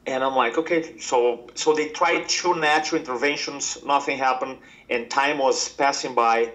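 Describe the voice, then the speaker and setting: A middle-aged man, a podcast guest, telling a personal story in an animated way and acting out the quoted lines. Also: medium pitch, highs cut off. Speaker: podcast guest, speaker and coach.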